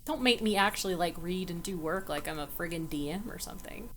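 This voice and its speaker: A woman's voice: fairly low pitch, animated, a little fast, a bit bright, slight background noise. A woman running a tabletop game as game master, playful and laughing often. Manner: giggly and playful.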